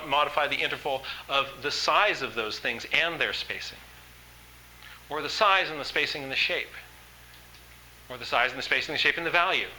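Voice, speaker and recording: Bright-voiced male art instructor lecturing. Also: a little high, a little hiss or hum, low-quality recording. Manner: enthusiastic, conversational, with frequent fillers. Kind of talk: workshop lecture.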